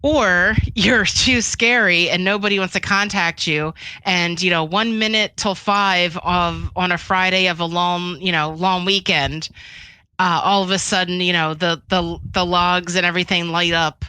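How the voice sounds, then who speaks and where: A woman speaks in an interview about her work in security, chatty and full of fillers, often backing up to rephrase. Her voice is bright and a little sharp. The recording is dry and close, with no room around it. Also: fairly low pitch, steady tone, a little slow, clear, resonant tone, no room sound, poor audio. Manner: chatty, frequent fillers and restarts, laughs between points. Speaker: cybersecurity expert guest. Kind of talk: casual interview storytelling.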